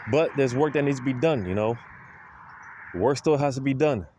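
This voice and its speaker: A man's voice: medium pitch, normal speed, mellow, slight background noise. A man preaching an informal monologue, weary and full of grievance, leaning on "man" and "you know" again and again. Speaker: street preacher.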